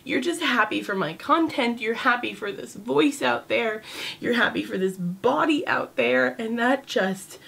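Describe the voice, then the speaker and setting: A woman's voice: on the high side, gravelly, fairly bright tone, husky. A woman talking candidly to camera in a casual vlog, chatty and sassy, with lots of fillers. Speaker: vlogger.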